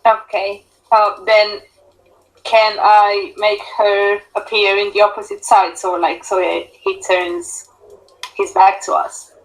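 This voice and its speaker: A woman's voice: medium pitch, little pitch movement, takes it slowly, low-quality recording. A woman playing a tabletop game, hesitant and thinking aloud with many fillers. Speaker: player. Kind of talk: casual tabletop play.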